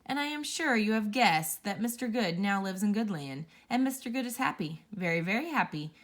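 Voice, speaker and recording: Lively woman reading a children's story. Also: medium pitch, moderate pace. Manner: expressive, playful storytelling. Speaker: storybook reader. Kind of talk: children's story read-aloud.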